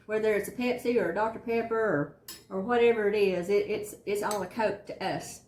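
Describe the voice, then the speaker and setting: Southern woman, cooking-channel host, homey and encouraging, mid pitch, echoey kitchen sound. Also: brisk, darkish tone, a little hiss or hum. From Southern United States. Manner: folksy, chatty, encouraging. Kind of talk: casual cooking demonstration. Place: home kitchen.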